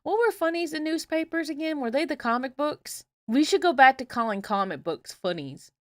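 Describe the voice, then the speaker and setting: Giggly woman streamer with lively pitch. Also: dry recording, clean studio sound. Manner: giggly and playful, quick to laugh at herself. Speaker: VTuber streamer. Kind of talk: casual let's-play commentary with read-aloud dialogue.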